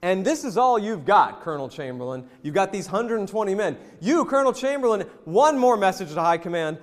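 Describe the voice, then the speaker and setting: A man from the American South giving a jokey, animated leadership presentation and talking straight to the audience in a hotel event hall. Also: high-pitched, brisk. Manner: lively, jokey, addresses the audience directly. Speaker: leadership speaker. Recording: long reverb in a hotel hall.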